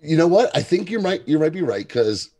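A man's voice: a little high, very animated, fairly quick, warm tone, slightly rough. A man co-hosting a podcast in casual chat, wry and sarcastic. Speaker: podcast co-host.

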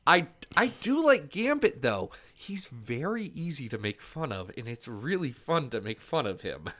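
A man's voice: medium pitch, very animated, measured pace, fairly bright tone. A man co-hosting a podcast in a casual, playful, theatrical way, often laughing. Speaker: podcast co-host. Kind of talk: casual chat.

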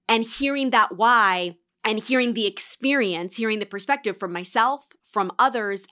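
Bright-voiced woman podcast host. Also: medium pitch. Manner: warm encouraging coaching tone, reads student quotes aloud. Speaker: podcast host and course mentor. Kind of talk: reflective solo podcast monologue.

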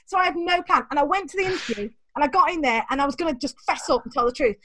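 A woman in an interview, telling animated stories from her life and acting out the voices of the people in them, often laughing. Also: very high voice, rapid-fire, hardly any pauses. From England. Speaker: guest, teacher trainer. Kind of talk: storytelling interview.

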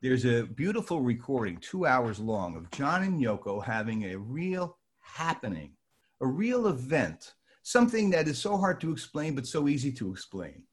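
An older man from New Jersey tells a personal story with a lot of energy. His pitch swings widely and he keeps jumping into other people's voices. He sounds like a born storyteller. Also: sing-song, moderate pace, husky. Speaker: storyteller guest. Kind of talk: animated anecdote telling.

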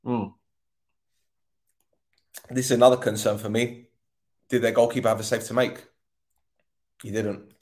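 A man's voice: mid-range voice, level tone, a little slow, long pauses, a little mellow. A man hosting a football podcast, giving a tired, frustrated post-match rant with sarcasm and swearing.

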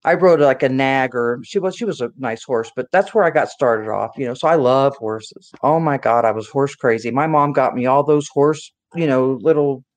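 A middle-aged woman from Texas, talking as a guest on a chat show. She tells family stories in a lively, rambling way and leans on "you know" a lot. Her delivery is casual and unscripted. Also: rumbling low, moderate pace, few pauses. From Dallas area, Texas. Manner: lively, chatty, many fillers like "you know".

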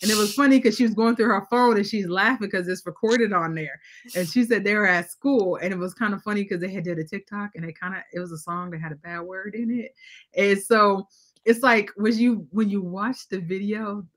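A woman in casual conversation, telling animated family stories and acting out what the kids say. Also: mid-range voice, fairly quick. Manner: animated, acts out quotes from kids. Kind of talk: casual storytelling chat.

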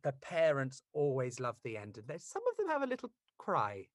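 Male podcast host, animated, gushing, very expressive pitch, dry room. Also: moderate pace, no room sound. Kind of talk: casual interview chat.

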